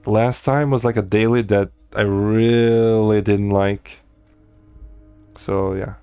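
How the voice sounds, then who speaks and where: A man giving relaxed, wry commentary as he plays a video game, often talking to himself. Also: lowish voice, takes it slowly, clear, resonant tone, soft background music. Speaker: gamer streamer.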